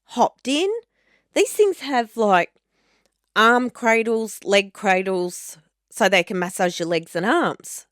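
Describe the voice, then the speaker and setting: A woman's voice: mid-range voice, lively intonation, takes it slowly, a bit bright, no room sound, clean studio sound. Chatty woman telling a story. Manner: chatty storyteller, laughs often. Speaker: podcast co-host. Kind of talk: casual chat.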